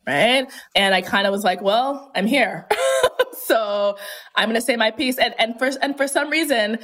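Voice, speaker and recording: A woman from Phoenix, Arizona, chatting as an interview guest in a voice of middling pitch. She tells her stories candidly, pokes fun at herself, and laughs often. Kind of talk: casual interview.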